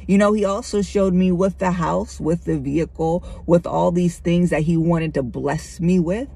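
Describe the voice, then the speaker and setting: Woman telling her faith story, kinda husky, chatty and candid, talks right to the viewers. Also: fairly low pitch, fairly even intonation, normal speed, dark tone. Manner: candid, conversational, addresses listeners as y'all. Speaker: Christian vlogger. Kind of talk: personal testimony talk.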